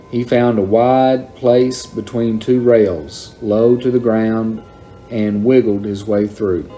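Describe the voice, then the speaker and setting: A man reading a children's novel aloud in a plain, unhurried storytelling manner. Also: lowish voice, mellow. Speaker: reader.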